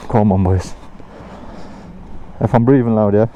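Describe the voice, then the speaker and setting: Young man, slangy vlog chatter, mellow tone, faint outdoor traffic noise. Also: on the low side, unhurried, lo-fi sound. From England. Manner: slangy, chatty, self-talking. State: out of breath while climbing. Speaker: vlogger. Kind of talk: casual vlog commentary. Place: outdoors on hills.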